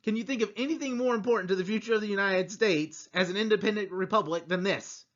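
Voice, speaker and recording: A man teaching a conversational history lecture, animated and full of rhetorical asides. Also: sits high, fast, muffled recording.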